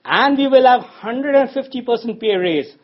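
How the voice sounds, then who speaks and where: A man putting on a proud male union representative announcing good news to workers, with a husky voice on a slightly dull recording. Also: high-pitched, brisk. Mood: triumphant.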